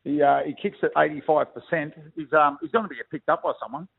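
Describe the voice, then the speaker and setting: A man's voice: on the high side, quick pace, creaky, breathy edge. A middle-aged Australian man, a former rugby league player, chatting matily as a phone-in guest on the radio. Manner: matey, calls everyone "mate", reminiscing. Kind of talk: casual radio chat over the phone. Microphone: telephone. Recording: tinny phone line.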